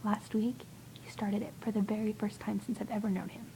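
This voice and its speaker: A young woman vlogging to a friend, talking mostly in a hushed whisper and rambling with hesitant fillers. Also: medium pitch, level tone, a little fast, creaky, a little hiss or hum, poor audio. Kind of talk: casual whispered video chat to a friend.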